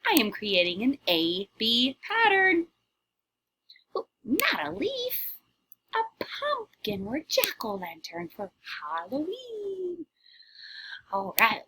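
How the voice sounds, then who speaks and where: A breathy, sing-song witch teacher, as a woman puts her on for a children's lesson, her voice sitting a little high and leaping up and down as she gasps and drops into whispered asides. She takes her time, drawing each word out for the little ones. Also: full character voice. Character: cheerful theatrical female witch teacher. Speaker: kindergarten teacher.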